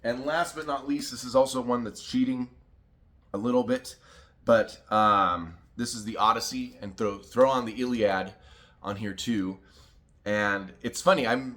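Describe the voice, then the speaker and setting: A man's voice: mid-range voice, measured pace, fairly bright tone. A man in a casual book vlog, talking loosely with many fillers and restarts. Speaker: book vlogger. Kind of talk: casual video chat.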